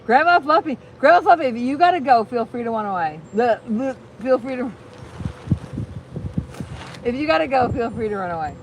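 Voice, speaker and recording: Woman host, casual live-stream chat, rambling and bubbly, slightly high voice, faint noise behind. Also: moderate pace, long pauses. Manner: chatty, rambling and excitable. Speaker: livestream host.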